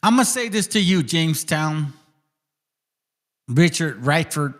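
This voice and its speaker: A man's voice: fairly high pitch, very animated, takes it slowly, fairly bright tone. A man hosting his channel, ranting in a confrontational, profane monologue aimed directly at people. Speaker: channel host.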